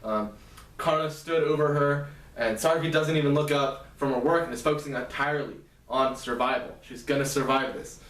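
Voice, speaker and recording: A man casually retelling a novel's plot as a lecture, halting and restarting often. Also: medium pitch, a bit bright. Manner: halting, many fillers and restarts. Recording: roomy, distant mic.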